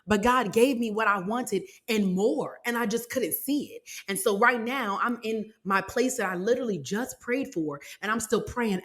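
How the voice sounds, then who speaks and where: A woman's voice: mid-range voice, a bit bright. Earnest woman podcaster talking faith. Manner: earnest, conversational, addresses listeners directly. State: close to tears. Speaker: podcast host. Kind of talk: personal faith talk.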